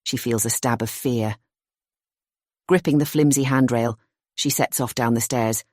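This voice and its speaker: An audiobook narrator reading a thriller in a tense, measured storytelling voice. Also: mid-range voice, steady tone, a little mellow, no echo, studio quality.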